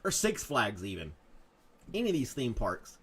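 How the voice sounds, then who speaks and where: A man's voice: medium pitch, huge pitch swings, moderate pace, a bit bright, slight background noise. Jokey male live-show host. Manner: joking, laughs often at his own bits. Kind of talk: live casual chat show.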